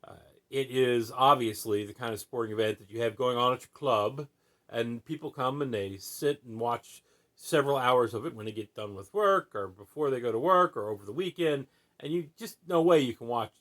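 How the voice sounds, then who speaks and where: Medium in pitch and fairly bright, this American man hosts a podcast. His explanation of a sport is relaxed and folksy, peppered with fillers and frequent "right?" tags.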